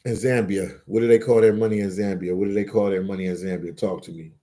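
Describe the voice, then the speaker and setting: A man's voice: sits low, steady tone, fast, dark tone. A man hosting a casual live stream, reading chat aloud and bantering, repeating words and phrases as he goes. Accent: Philadelphia.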